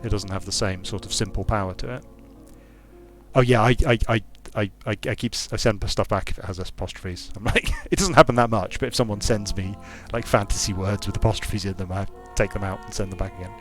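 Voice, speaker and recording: A man's voice: on the low side, fairly quick, faint music behind. A man giving casual commentary while playing a strategy game, thinking aloud with frequent restarts and repeated words. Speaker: streamer and game designer.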